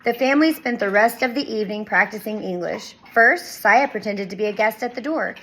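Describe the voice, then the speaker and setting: A woman reading a children's chapter book aloud with expressive storytelling. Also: mid-range voice, brisk, breathy edge, rough recording. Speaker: reader.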